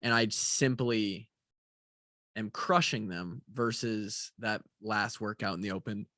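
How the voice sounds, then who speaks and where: A man's voice: fairly low pitch, slow, sharp tone, no echo. A tired young man rambling casually in a vlog, with lots of fillers and casual swearing. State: tired, yawning. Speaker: vlogger. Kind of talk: casual talking-head vlog.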